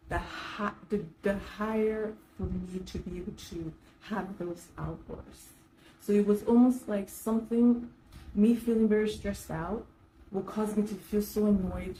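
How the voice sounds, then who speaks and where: A woman's voice: mid-range voice, mellow, reverberant, a little hiss or hum, poor audio. A woman talking casually to camera, giving self-help advice to professional women with frequent fillers and restarts. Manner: conversational, many fillers and restarts. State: slightly dry throat.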